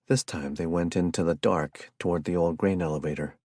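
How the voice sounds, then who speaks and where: A male audiobook narrator with a very deep, husky voice and steady delivery. The recording is dry and close, with no room sound. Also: a little fast, dry recording. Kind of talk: scripted narration.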